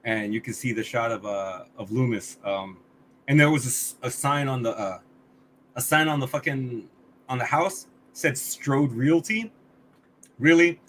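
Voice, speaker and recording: A man's voice: mid-range voice, measured pace, a bit bright, a little hiss or hum. A man co-hosting a podcast, reviewing a movie in casual chat, blunt and swearing often, with many restarts. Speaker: podcast co-host.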